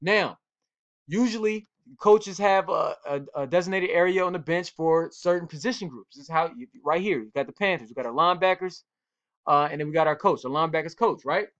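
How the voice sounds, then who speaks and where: Male football coach, slightly high voice, casual and direct, repeats key points, muffled lo-fi audio. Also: a little fast, a bit bright. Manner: direct, repetitive, coach-like urging. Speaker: football coach and cornerback trainer. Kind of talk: casual instructional talk to young players.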